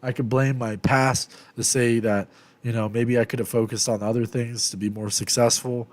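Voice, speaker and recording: A man's voice: level tone, normal speed. Rambling, subdued young man venting. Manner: rambling, swears a lot, heavy fillers; low, subdued and reflective, trailing off quietly. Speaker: vlogger. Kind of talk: candid confessional vlog.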